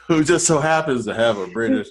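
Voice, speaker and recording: Man, film critic, casual chat, rambling, lots of restarts, mid pitch. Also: very noisy. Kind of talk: casual podcast film discussion.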